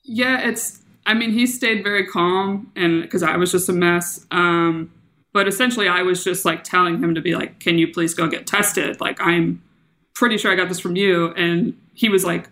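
A woman comedian as a podcast guest, candidly retelling a personal story with animated, laughing delivery. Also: fairly low pitch, moderate pace. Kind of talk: casual storytelling.

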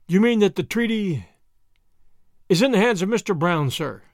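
A man's voice: high voice, lively intonation, moderate pace, no room sound, studio quality. A man reading an audiobook, voicing a young Englishman who is earnest and shaken, in a clipped, earnest way. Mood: downcast.

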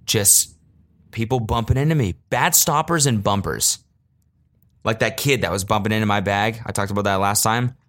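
Casual, profane man with a low voice. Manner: animated, swings into loud high-pitched rants when quoting himself. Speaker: podcast host. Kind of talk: solo comedic storytelling.

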